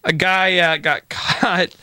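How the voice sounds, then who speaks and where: A man's voice: sits high, fairly even intonation, takes it slowly, sharp tone, clear, resonant tone, dry recording. A man hosting a comedy podcast, joking loosely with his co-hosts. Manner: joking, bits of put-on broken-English voice. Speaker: podcast host. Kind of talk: casual comedy banter.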